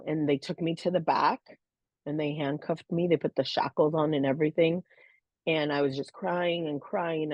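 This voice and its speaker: A woman with a notably low voice tells a personal story as a podcast co-host, earnest and heartfelt, her speech full of "you know"s and small pauses. The recording is dry and close, with a slightly dull, muffled tone. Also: a little mellow, no room sound. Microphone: podcast microphone.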